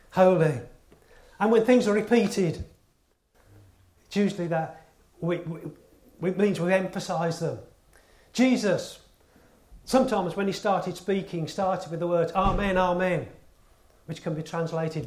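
A man delivers a sermon with a fairly high voice. He presses each point earnestly, repeating words and asking rhetorical questions. The sound carries the echo of a church. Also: a little mellow. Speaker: preacher. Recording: echoey room.

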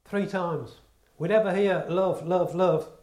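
A man's voice: high-pitched, takes it slowly, a little mellow. A man preaching a sermon in earnest tones, stressing his points through repetition and rhetorical questions. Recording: echoey room.

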